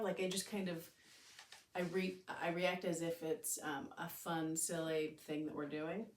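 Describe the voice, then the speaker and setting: A woman's voice: low voice, flat delivery, measured pace, echoey room, recorded from a distance, slight background noise. A woman in her thirties hosting a podcast, talking candidly and rambling in a casual way, swearing now and then. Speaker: podcast host. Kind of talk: casual solo podcast talk.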